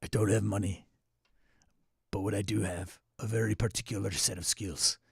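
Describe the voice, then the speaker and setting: A man putting on a grim action-movie hero, menacing and cold, low slow deliberate lines, dry close sound. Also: steady tone, vocal fry, breathy edge, no echo, exaggerated voice.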